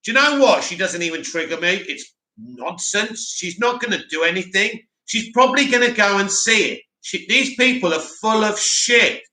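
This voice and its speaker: Man, sore throat, high voice, very bright tone, blunt livestream host, roomy echo. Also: lively intonation, normal speed. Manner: blunt, opinionated, reads comments aloud. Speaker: livestream host reading chat. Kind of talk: casual livestream commentary.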